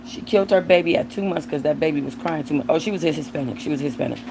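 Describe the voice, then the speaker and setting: A woman's voice: low-pitched, fast talker, gravelly, noisy background. A woman hosting a livestream, giving blunt, profane commentary on viewer comments and talking aside to her dog. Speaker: livestream host.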